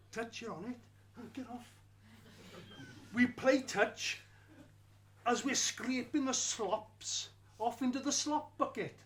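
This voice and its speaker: Male storyteller, unhurried and wry, lively delivery. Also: very high voice. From Wales. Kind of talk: first-person storytelling performance.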